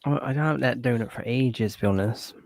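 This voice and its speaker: A man hosting a casual group chat, relaxed and chuckling. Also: medium pitch, fairly quick, vocal fry. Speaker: channel host.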